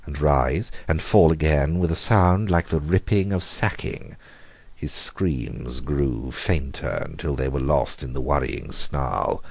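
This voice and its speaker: A man narrating a horror story in a measured, grave reading, slowing down for dramatic moments. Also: a bass voice, slightly rough, dry recording. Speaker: audiobook reader.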